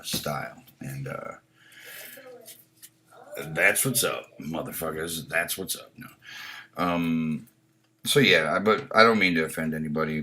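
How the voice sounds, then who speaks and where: This live stream host has an extremely low, sharp-toned voice. He reads out chat comments and gives blunt opinions laced with heavy profanity, often starting his sentences over.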